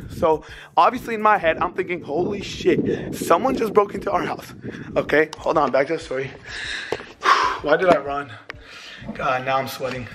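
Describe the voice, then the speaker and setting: A young man vlogging, telling a scary story in an animated, excitable way, swearing and acting out his own shouts. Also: a little high, echoey room, noisy background.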